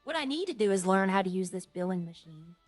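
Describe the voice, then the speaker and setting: A woman's voice: medium pitch, sing-song, quick pace, no room sound, soft background music. A woman streaming a roleplay game, chatting casually and jokily to her viewers in a rambling way.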